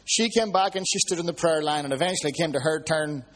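A man preaching a sermon, telling stories with lively swings between hushed and high exclamations. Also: fast talker.

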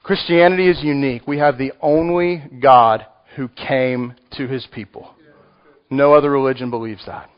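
A man's voice: mid-range voice, fairly even intonation, normal speed. Texan guy preaching, laid-back and jokey, kinda dull lo-fi sound. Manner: conversational, joking asides to the congregation. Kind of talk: sermon. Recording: muffled lo-fi recording.

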